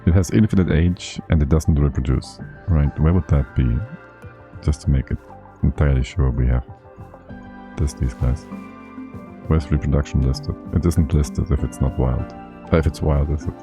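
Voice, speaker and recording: A man's voice: a bass voice, normal speed, over music. A man giving casual, chatty livestream commentary on a game, thinking aloud and laughing often. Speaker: streamer.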